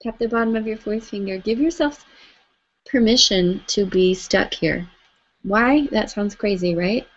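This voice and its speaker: A woman leading a live tapping session, gently coaching listeners through phrases for them to repeat. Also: mid-range voice, a little slow. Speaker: EFT tapping facilitator. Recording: slightly dull lo-fi audio.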